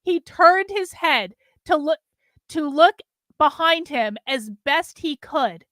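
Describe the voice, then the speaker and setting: A woman host reading a comic fan story aloud, then commenting on it with dry, deadpan delivery. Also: sits high, no room sound.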